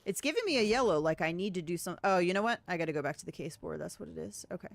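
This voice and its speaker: A woman gives casual let's-play commentary, thinking aloud as she goes. Her speaking voice sits a bit low, and she reads on-screen text in an easy, chatty way. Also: expressive, very fast, vocal fry, no echo. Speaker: gameplay streamer.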